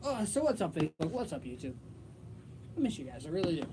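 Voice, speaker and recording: A man's voice: on the high side, sing-song, quick pace, heavy background noise. A young man hosting a college radio sports show, talking casually in a rambling, filler-heavy way. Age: young adult.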